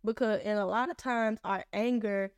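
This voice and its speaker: A woman's voice: medium pitch, moderate pace, smooth, no room sound. A young woman hosting a casual faith podcast, telling personal stories candidly and acting out both sides of conversations. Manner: candid, animated storytelling with acted-out dialogue. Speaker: podcast host.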